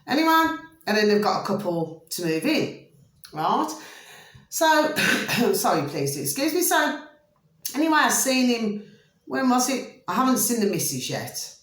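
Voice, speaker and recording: A chatty woman rambles to her viewers in a casual vlog, warmly fond of them and always checking that they follow. Her voice leaps up for emphasis, then drops low into muttered asides. It is recorded in a bare, echoey room. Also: big pitch swings, unhurried, pauses often. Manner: swings between high emphatic bursts and low muttered asides. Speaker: vlogger.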